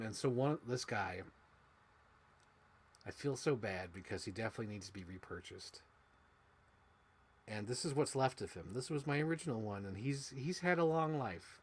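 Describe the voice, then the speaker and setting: Young male vlogger, very lively pitch, gushing, casual, swears. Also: normal speed, pauses often, husky. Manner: excitable, swings between shrieks and mumbles. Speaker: toy unboxing vlogger. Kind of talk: casual excited chat to camera.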